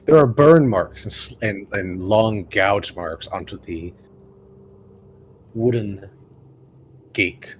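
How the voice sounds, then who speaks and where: A man narrating as game master in a tabletop game, describing scenes slowly with fillers. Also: lowish voice, slight background noise.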